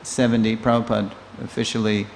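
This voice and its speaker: A man in his sixties giving a storytelling scripture class in a temple, a lively teller who acts out the people he quotes. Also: fairly low pitch, quick pace, vocal fry. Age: 60s. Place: temple hall. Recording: long reverb of a hall, faint noise.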